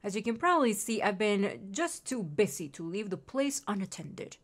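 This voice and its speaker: A woman's voice: medium pitch, animated, moderate pace, natural voice. A woman reading aloud the lines of a chatty male shopkeeper in a game, in a friendly tone. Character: chatty male shopkeeper, fond of pungent food.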